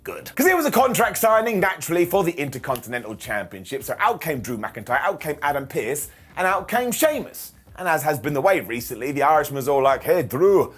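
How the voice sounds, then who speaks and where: Sarcastic guy recapping wrestling, husky voice, bouncy up and down delivery, bit of music behind. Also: a little high, sing-song, fairly bright tone. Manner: jokey, sarcastic, quick mock impressions. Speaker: wrestling show reviewer. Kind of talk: comedic recap monologue.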